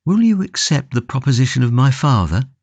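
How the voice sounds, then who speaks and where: A man voicing a gentle, devoted young woman in an audiobook, in a softly pleading, eager manner. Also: medium pitch, very animated, fairly quick, creaky, no room sound, pitched above the performer's own voice. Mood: earnest. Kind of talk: audiobook character reading.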